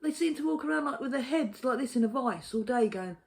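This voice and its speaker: A woman's voice: high voice, animated, fairly quick, gravelly, hardly any pauses. A woman ranting to camera in a casual vlog, exasperated and sweary, often laughing in disbelief. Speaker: vlogger.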